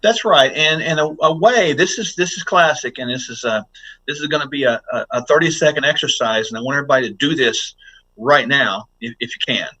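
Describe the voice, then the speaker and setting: A man's voice: medium pitch, fairly quick, bright, forceful tone, poor audio. A man speaking as a health doctor guest on a podcast interview, explaining in an earnest, instructive way and coaching listeners through exercises.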